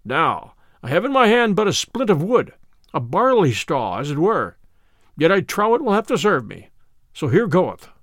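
A man voicing a huge, good-humoured young yeoman who is slow to anger and speaks in a hearty, gruff way. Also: high voice, sing-song, no room sound, studio quality, full character voice. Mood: steady.

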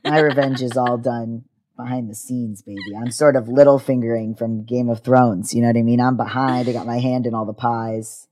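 A woman's voice: very deep voice, fairly even intonation, normal speed, mellow. A young woman co-hosting a podcast in casual chat, wry and playfully mischievous. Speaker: podcast co-host.

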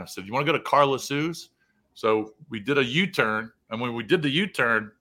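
A middle-aged man with a bright, forceful voice spins a casual road-trip tale on a talk show. He slips into the voices of the people he met as he tells it. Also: on the low side. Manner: animated, acts out quoted dialogue in the story. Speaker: co-host telling a travel story. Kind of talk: casual storytelling chat.

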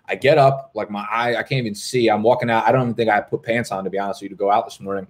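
A man's voice: lowish voice, steady tone, rapid-fire, few pauses. A man, hosting a live stream in profane, rambling casual chat. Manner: profane, rambling, swears constantly.

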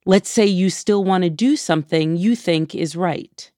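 A woman hosting a podcast, narrating from a script and interviewing in a measured, deliberate way. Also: on the low side, warm tone, no room sound, clean studio sound. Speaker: podcast host.

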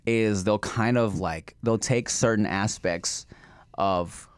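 A man in casual podcast chat, laid-back and slangy, laughing often and breaking into excited bursts. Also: fairly low pitch, slow pace, smooth, no echo. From Thai family.

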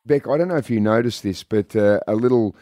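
A man's voice: on the low side, fairly quick, warm tone, no room sound, studio quality. A man co-hosting a radio show, chatting and telling stories in a jokey way. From Australia. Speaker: radio co-host. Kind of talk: casual radio banter.

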